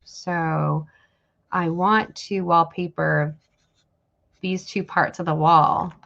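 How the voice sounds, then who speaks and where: A woman's voice: on the low side, steady tone, slow pace, vocal fry, a bit bright. A woman hosting a live online sale, chatting casually and rambling while she thanks viewers by name. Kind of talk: casual live-stream selling. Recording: dull lo-fi stream audio with faint noise.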